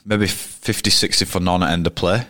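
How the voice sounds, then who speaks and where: Yorkshire bloke, real deep voice, chatting in a pub, rambly and sweary. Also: male voice, fairly even intonation, normal speed, sharp tone, no room sound, studio quality. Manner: rambling, frequent restarts, blunt and sweary. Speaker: guest cricketer. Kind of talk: casual interview storytelling.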